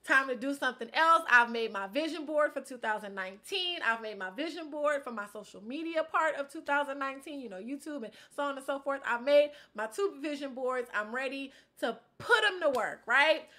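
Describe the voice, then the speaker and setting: Young woman vlogger, high and bright, animated casual storyteller with slangy outbursts. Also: fairly quick, few pauses. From Inglewood, California. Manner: animated and expressive, slangy, switches between loud outbursts and low asides. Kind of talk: casual life-update storytelling.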